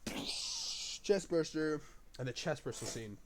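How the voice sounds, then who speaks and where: A man's voice: on the high side, lively intonation, slow, noisy background. A man reviewing a film off the cuff, rambling loosely, swearing often and breaking into enthusiastic bursts. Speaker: movie reviewer. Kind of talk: casual unscripted review.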